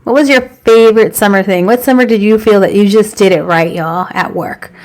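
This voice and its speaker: A woman's voice: medium pitch, brisk, darkish tone. A woman hosting a podcast in casual chat, upbeat as she gives advice and asks her co-hosts questions. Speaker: podcast host.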